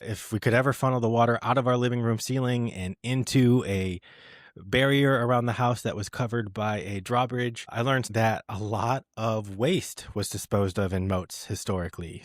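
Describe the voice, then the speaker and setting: A man co-hosts a casual podcast, trading jokes and spinning little stories in an easygoing, teasing way. His voice sits at an ordinary middle pitch. The sound is dry and close. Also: dry recording. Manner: playful, teasing, storytelling. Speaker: podcast co-host. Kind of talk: casual chat.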